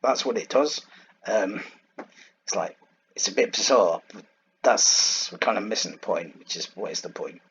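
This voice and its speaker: A deep-voiced man teaching a Bible lesson in a loose, informal way, walking through his slides. He drifts into side points and stops to search aloud for the right word. The sound is a little dull and muffled, with a faint hiss underneath. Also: expressive, moderate pace, a bit bright. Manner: digressive, thinks aloud and searches for words. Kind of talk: informal lecture over slides.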